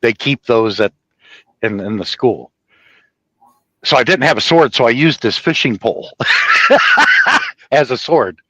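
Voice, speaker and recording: A man telling a personal story in a rambling, profane, animated way, laughing at his own tale. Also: medium pitch, a little slow, long pauses, breathy edge, dry recording, lo-fi sound.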